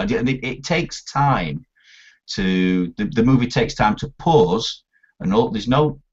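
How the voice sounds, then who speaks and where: Husky man chatting excitedly about films. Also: fairly low pitch, dull audio. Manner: animated, swears a lot, acts out film scenes. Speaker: podcast co-host. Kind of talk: casual film chat.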